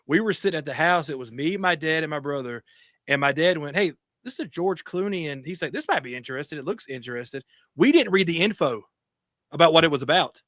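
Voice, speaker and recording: A man co-hosting a podcast who laughs easily as he tells stories in loose, swearing banter. His voice is bright and somewhat high, recorded close and dry. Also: lively intonation, quick pace, no echo. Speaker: podcast co-host. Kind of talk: casual profane banter.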